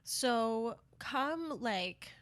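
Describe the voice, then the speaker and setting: A woman's voice: a little high, animated, extremely slow, no room sound. A young woman hosting a podcast, telling a personal story in an earnest, heartfelt way with casual fillers. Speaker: podcast host.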